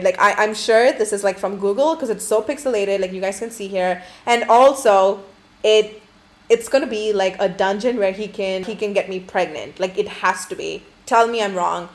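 A woman's voice: medium pitch, normal speed. A young woman hosting a podcast, telling a story to listeners in a candid, profane, rambling way, with many filler likes. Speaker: podcast host.

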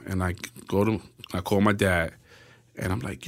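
Low-voiced man telling his story. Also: moderate pace. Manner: acts out quoted voices, often asks "right?". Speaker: interview guest. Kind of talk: casual storytelling.

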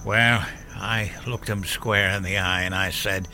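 An actor playing a gruff older war veteran father who tells a grim story in a blunt, profane way. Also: sits low, steady tone, measured pace, pushed and bright, faint music behind, exaggerated voice. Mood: grim recollection. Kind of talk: audio drama storytelling.

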